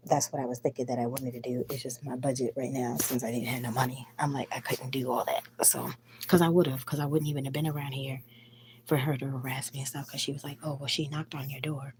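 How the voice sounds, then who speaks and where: Low-voiced woman, sick with flu, blunt, profane, rambling phone live stream from home. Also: steady tone, quick pace, noisy background. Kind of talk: casual live stream venting. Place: at home at night.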